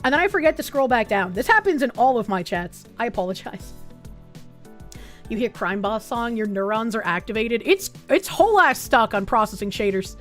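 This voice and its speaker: A woman streamer chatting casually with her viewers, swearing freely and thinking out loud as she reads their messages. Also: fairly high pitch, big pitch swings, moderate pace, soft background music. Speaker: live streamer reading chat.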